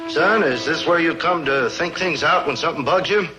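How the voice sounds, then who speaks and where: A man's voice: on the high side, moderate pace, over loud music, lightly acted, rough recording. An actor playing a sardonic middle-aged father who grumbles about household spending. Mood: grumbling.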